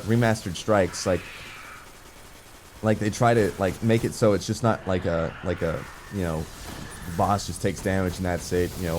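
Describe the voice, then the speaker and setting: Excitable young man narrating gameplay. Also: deep voice, slight background noise. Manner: rambling, filler-heavy, excitable. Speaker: gaming video creator. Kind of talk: casual gameplay commentary.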